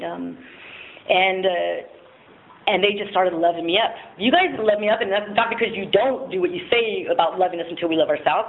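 Woman telling her story at a meeting, laughs a lot, swears casually, sounds like it's coming through a phone. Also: fairly low pitch. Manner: frank, self-mocking, laughs often, swears casually. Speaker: speaker sharing at a recovery meeting. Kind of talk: candid personal testimony. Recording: tinny phone-like audio with faint noise.

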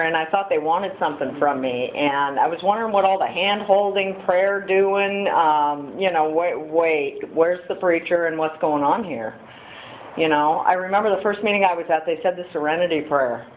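Middle-aged woman sharing her recovery story, blunt and candid, tinny phone-line sound with a bit of hiss. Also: lowish voice. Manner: candid, storytelling, acts out quoted voices. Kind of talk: recovery meeting talk.

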